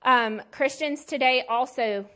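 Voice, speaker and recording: Slightly high-voiced woman giving a casual sermon. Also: unhurried, fairly bright tone. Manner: conversational and emphatic, with plain slangy asides. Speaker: Bible teacher.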